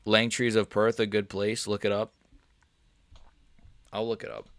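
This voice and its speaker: A young man reacting live to fights on a stream, excitable and swearing, swinging from mumbling asides to yelling. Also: on the low side, a little slow, long pauses.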